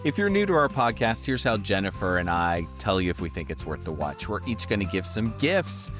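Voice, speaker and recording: A man co-hosting a podcast, calmly leading segments and giving his take on a TV episode. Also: deep voice, music in the background. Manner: measured, affirming, runs the segments. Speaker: podcast co-host. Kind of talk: casual podcast talk.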